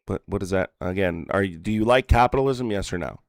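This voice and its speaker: A man's voice: low-pitched, fast talker, dry recording, studio quality. A man hosting a call-in political debate, pressing and insistent as he argues. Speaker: political streamer and activist.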